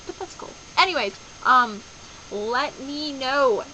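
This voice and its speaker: A young adult woman chatting in a casual daily video diary, rambling and animated, dropping into playful voices as she tells stories. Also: high voice, slow pace, a little hiss or hum, low-quality recording. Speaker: vlogger.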